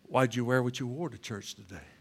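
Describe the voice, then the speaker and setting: A male pastor preaching a sermon in church, shifting between loud emphatic passages and slow, quiet questions, often repeating words as he starts a phrase. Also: mid-range voice, gravelly.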